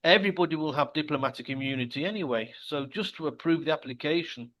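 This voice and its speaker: Male co-host, slightly high voice, measured and dry, casual talk show. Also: a bit bright. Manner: measured, explanatory, dry wit. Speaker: podcast co-host. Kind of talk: casual discussion.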